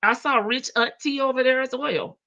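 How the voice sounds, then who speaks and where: A woman's voice: sits high, moderate pace, bright, forceful tone, highs cut off. A woman hosting a livestream, chatting casually, greeting viewers by name and laughing often. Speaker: livestream host. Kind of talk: casual chat reading out live comments.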